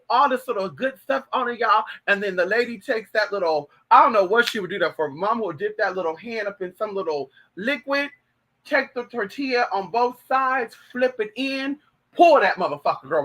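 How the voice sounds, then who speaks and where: A man hosting a livestream, telling stories in a flamboyant, profane, animated casual chat. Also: high-pitched.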